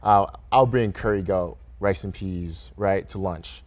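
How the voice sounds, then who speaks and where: In an unhurried, fairly low voice, a young man from Grand Rapids, Michigan, chats comfortably in a radio studio as a guest and restaurant owner. The talk is relaxed, with frequent laughs and casual fillers like "right?" and "kinda."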